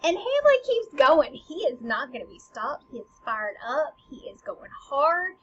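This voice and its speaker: A woman casually explaining a play scene by scene, paraphrasing it in lively everyday slang. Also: high-pitched, unhurried. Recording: slightly dull lo-fi recording with faint noise.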